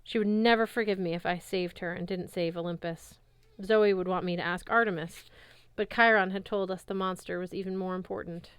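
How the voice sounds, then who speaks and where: A woman reads a chapter of a novel aloud in a lively first-person voice. Her tone is clear and smooth, recorded close with a dry, roomless sound. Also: on the low side, brisk, dry recording. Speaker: reader.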